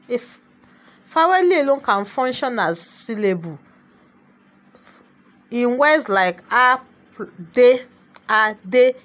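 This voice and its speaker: A woman teaching a Yoruba language lesson, moving between Yoruba and English and often asking rhetorical questions. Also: fairly high pitch. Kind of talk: classroom lesson. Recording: dull lo-fi sound.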